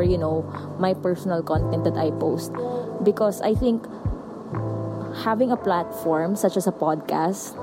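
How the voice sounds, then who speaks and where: A woman's voice: fairly low pitch, poor audio. A Filipino woman co-hosting a podcast, talking earnestly and slipping between English and Tagalog. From Philippines. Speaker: podcast co-host. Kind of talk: reflective podcast talk.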